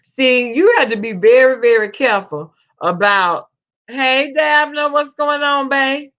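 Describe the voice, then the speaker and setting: Woman vlogger, slow drawl, dull lo-fi stream audio, gossipy chat. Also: sits high, fairly bright tone. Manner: chatty, Southern slang, greets viewers as babe. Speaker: vlogger reading live chat. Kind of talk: casual live-stream chat.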